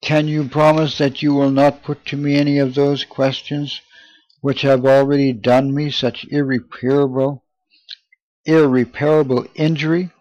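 A man's voice: medium pitch, little pitch movement, a little slow, a little mellow, dry recording, close to an everyday voice. A man reading as a pleading young woman penitent. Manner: pleading, devout. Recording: dull lo-fi, dry.

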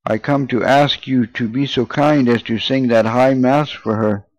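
A man's voice: medium pitch, fairly even intonation, moderate pace, dry recording, close to an everyday voice. A man reading as a trembling, pleading poor man. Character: poor grieving old man in rags.

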